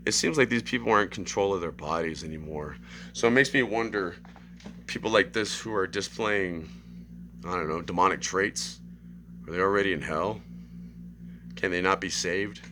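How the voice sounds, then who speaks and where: Brief: young man, lowish voice with a forceful edge, rambling storyteller, keeps asking "right?". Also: a little hiss or hum. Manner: animated, acts out screams and quotes. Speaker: vlogger. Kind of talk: casual storytelling monologue.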